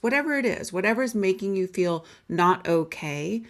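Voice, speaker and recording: A woman coach giving a conversational, emphatic sales pitch, telling a personal story and briefly acting out the voices she quotes. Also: animated, moderate pace. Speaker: life coach selling guided audios.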